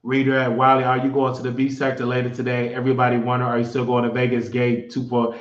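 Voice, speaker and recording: A man running a live stream talks quickly in a medium-pitched voice with a completely flat delivery. He's casual and blunt, telling stories and ridiculing viewers. His audio comes across echoey and slightly dull.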